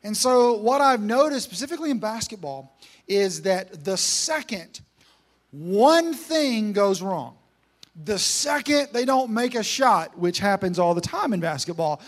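A man preaching a sermon, telling a story with energy, humor and repeated emphasis. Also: high voice. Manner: energetic, joking, repetitive emphasis.

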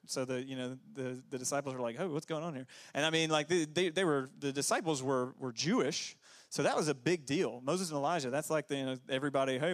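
A man preaching a relaxed, conversational sermon on a church stage. His voice sits a little high for a man, and he talks in loose, rambling asides with plenty of fillers. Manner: conversational, many fillers, jumps into high put-on voices for quotes. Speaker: pastor. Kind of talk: casual sermon.

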